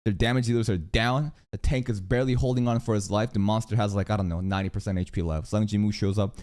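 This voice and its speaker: A man's voice: fairly low pitch, fairly even intonation, fast, darkish tone. A man hosting a casual reaction livestream, swearing freely as he jokes and chats with his viewers.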